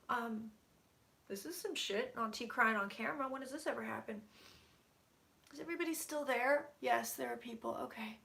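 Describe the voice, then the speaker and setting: Gravelly-voiced woman doing a psychic reading. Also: on the high side, normal speed, pushed and bright. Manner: intense, drops to whispers, swears freely. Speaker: psychic reader. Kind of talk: live psychic channeling stream. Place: her room at home.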